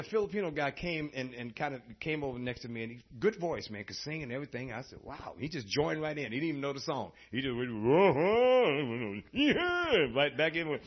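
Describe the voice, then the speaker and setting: Male preacher, gravelly, husky, animated storyteller, dull lo-fi recording. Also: fairly high pitch, fast talker, hardly any pauses. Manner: animated storytelling, laughing often. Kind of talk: sermon.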